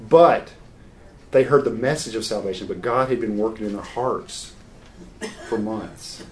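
A man's voice: lowish voice, unhurried. A man preaching a sermon, earnest and unscripted, moving from scripture into a family story with frequent restarts.

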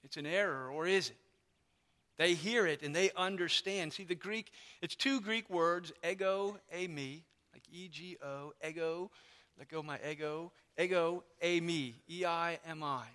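A man preaching a sermon as pastor, explaining a passage with animated emphasis. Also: a little high, measured pace. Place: church sanctuary. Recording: long hall reverb.

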